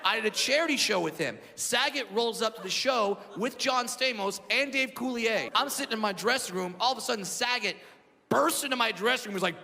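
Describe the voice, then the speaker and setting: A man doing stand-up comedy, telling stories in a loud, animated way. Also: very high-pitched, fairly quick, creaky. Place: live comedy venue. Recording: echoey hall with loud crowd noise.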